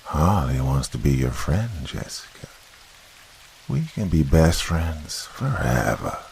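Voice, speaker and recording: A mocking shadow demon with a childlike male voice, as a man narrator puts it on draws out every word in a slow whisper. The voice sits very low and gravelly, unhurried and menacing. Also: big pitch swings, a little mellow, slight background noise, heavily acted. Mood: creepy mocking.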